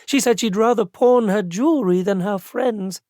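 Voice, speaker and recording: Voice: medium pitch, normal speed, darkish tone, no echo, clean studio sound, voice pushed up, close to an everyday voice. A narrator voicing an eager, loyal young woman clerk.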